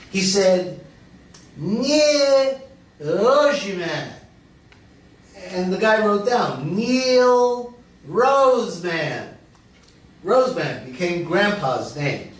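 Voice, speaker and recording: A man reading a wisecracking older guy. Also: sits high. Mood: wry. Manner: jokey, chatty, laughs at his own lines. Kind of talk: virtual play reading. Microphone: video call. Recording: echoey, distant video-call audio with faint noise.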